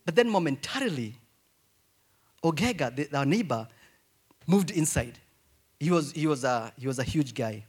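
Man, pastor, sermon, high voice, very lively intonation, hushed asides and loud cries. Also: moderate pace, long pauses, husky. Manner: animated preaching, swinging between hushed asides and loud emphatic cries.

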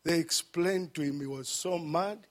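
High-voiced, slow-preaching man. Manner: swings between shouted peaks and hushed low passages; repeats phrases for emphasis. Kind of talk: sermon.

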